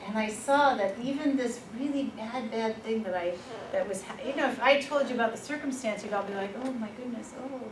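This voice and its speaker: A woman presenting a workshop, telling personal stories in a lively, informal way and laughing at herself. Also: fairly high pitch, a little fast. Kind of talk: personal storytelling in a workshop talk. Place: workshop room. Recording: echoey room, far from the mic, noisy.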